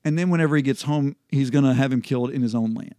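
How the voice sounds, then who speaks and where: A man hosting a casual Bible study chat, explaining scripture in a relaxed way with frequent ums and restarts. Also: mid-range voice, quick pace, clear, resonant tone, no room sound, clean studio sound.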